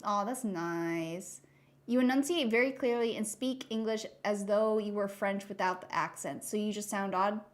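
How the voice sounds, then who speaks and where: A woman's voice: medium pitch, moderate pace. A young woman hosting a live art stream, chatting casually and reading chat aloud while she draws.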